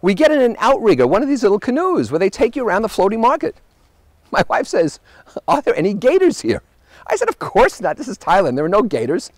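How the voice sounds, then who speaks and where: Male host, high animated voice, wry anecdotal travel monologue, dry close sound. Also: fast, no echo. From United States. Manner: animated storyteller, wry punchlines.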